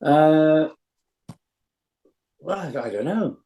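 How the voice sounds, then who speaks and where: A man's voice: a little high, animated, very slow, dark tone, poor audio. A man in his seventies from Yorkshire, a veteran actor telling anecdotes as an interview guest. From England, Yorkshire. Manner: chatty anecdotal storyteller. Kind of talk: casual interview chat.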